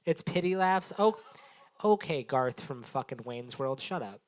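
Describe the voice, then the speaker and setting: A young man with a mid-range voice hosts an open mic on a small bar stage in front of a live crowd. He's animated but unhurried, rambling through loose, profane stand-up crowd work and teasing the audience.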